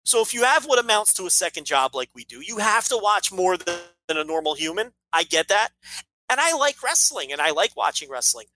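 A man's voice: high voice, big pitch swings, brisk, bright, forceful tone, low-quality recording. A man co-hosting a casual podcast, ranting emphatically with frequent swearing and restarts. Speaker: podcast co-host.

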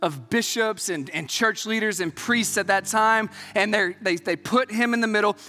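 A man preaching a Sunday sermon in a church, earnest and emphatic, rising to loud peaks and falling to quiet, intimate passages. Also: sits high, normal speed, faint music behind. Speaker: pastor. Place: church sanctuary. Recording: long hall reverb.

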